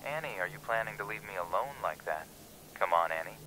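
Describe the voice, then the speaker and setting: A man voicing a creepy, obsessive male stalker in a hushed, murmured whisper. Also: sits low, lively intonation, a little fast, a little hiss or hum, poor audio.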